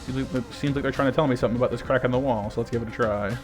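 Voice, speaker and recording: A man's voice: mid-range voice, fairly even intonation, racing. A man giving casual, chatty let's-play commentary, thinking aloud and poking fun at himself. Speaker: gaming YouTuber. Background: game music.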